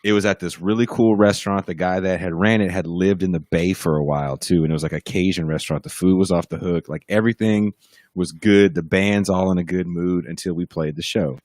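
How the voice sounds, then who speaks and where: Low-voiced man telling a loose, profane story. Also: a little fast, dry recording. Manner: animated storyteller, swears freely, mimics voices in quotes. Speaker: podcast guest, band musician. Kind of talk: casual storytelling. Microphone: podcast mic over a livestream.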